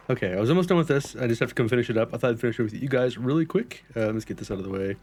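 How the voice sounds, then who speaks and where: A man giving casual gameplay commentary, chatting to the characters on screen, often correcting himself and jumping up in excitement. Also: mid-range voice, very fast, slight background noise. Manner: chatty, talks to the game characters, lots of self-corrections; excitable, voice jumps up when pleased. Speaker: gameplay channel host.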